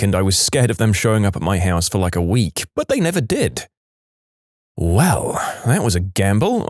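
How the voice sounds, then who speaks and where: Male narrator for read-aloud internet stories, low-pitched and very animated, dry studio sound. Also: dry recording. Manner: lively storytelling with wide pitch swings. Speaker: story narrator. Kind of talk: reading reddit stories aloud.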